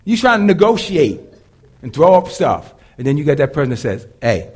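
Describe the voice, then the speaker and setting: A deep-voiced man preaches to a congregation, shifting between quiet, low stretches and loud, driving lines. His pitch moves freely and with a lot of animation. The delivery feels conversational and sure of itself. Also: sing-song, fairly quick, slightly rough. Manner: dynamic preaching, swinging between loud and hushed. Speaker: pastor. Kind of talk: live sermon to a congregation.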